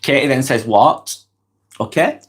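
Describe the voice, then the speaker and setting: Here a northwest England man with a Lancashire accent has a cold as he hosts a live-stream vlog. His voice is expressive and his pitch dips and climbs often while he reads viewer comments at a measured pace and replies in a direct, conversational style.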